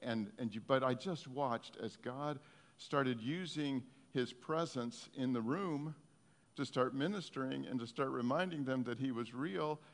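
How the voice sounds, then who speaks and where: A man's voice: mid-range voice, a little slow. Earnest male preacher in reverberant hall. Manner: earnest, heartfelt storytelling. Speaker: pastor. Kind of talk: sermon.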